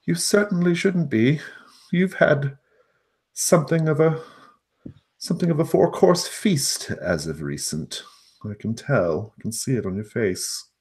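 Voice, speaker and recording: A man voicing a fussy, chatty male gnome who talks in a quick, prim, wordy way. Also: fairly high pitch, animated, darkish tone, voice pushed up.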